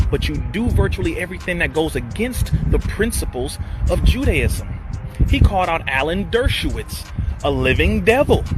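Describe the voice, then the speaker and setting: Heated man ranting over traffic noise. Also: sits high. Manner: heated, accusatory, rhetorical. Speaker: host. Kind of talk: impassioned commentary.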